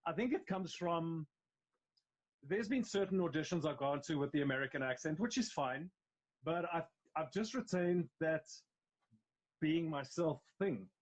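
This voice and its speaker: A man's voice: on the high side, lively intonation, measured pace, muffled recording. A man with a South African accent, an actor chatting in a live interview, talking in long, emphatic runs full of restarts. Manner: rambling, emphatic, frequent restarts. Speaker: actor guest. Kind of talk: casual interview chat. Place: at home on a live video call. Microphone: mobile phone live stream.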